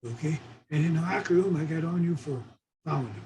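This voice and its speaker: Older man, high voice, animated storyteller, faint hiss behind. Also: a little fast. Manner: animated storyteller, keeps saying "okay". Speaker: former assistant coach, guest. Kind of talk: storytelling in a conversation.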